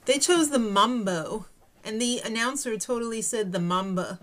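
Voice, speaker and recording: Young woman host, slightly high voice, snarky jokey recap chat. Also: moderate pace, fairly bright tone. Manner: joking, snarky, laughs often. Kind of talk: casual chat.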